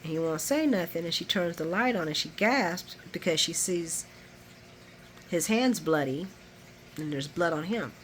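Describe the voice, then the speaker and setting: A woman vlogger giving a chatty, animated recap of a soap opera episode. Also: lowish voice, unhurried, slight background noise.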